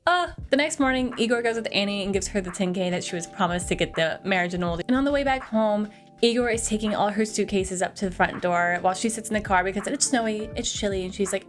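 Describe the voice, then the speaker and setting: A woman's voice: medium pitch, fast talker, faint music behind. A young woman chatting casually through a film review, gushing and chatty, with a lot of "like". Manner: gushing, chatty, heavy use of "like".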